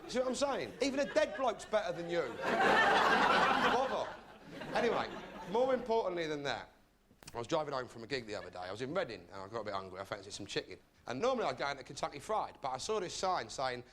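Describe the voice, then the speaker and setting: A man hosting a comedy show, delivering a sardonic stand-up monologue with deadpan, mock-rude asides. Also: on the high side, fast, background noise.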